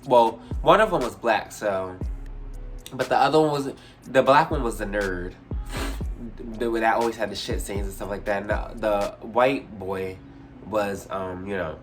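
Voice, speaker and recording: A young man casually telling a story, profane and animated, jumping high in pitch when he acts out scenes. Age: young adult. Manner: animated, profane, retells with big pitch jumps.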